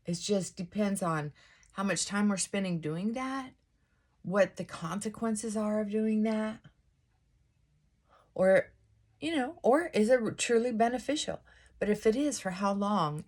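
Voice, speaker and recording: Woman host, mid-pitch voice, reflective get-ready-with-me vlog, muses aloud with rhetorical questions and restarts. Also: normal speed, darkish tone. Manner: musing, asks many rhetorical questions; thinking aloud with frequent restarts and asides. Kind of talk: casual reflective monologue while getting ready.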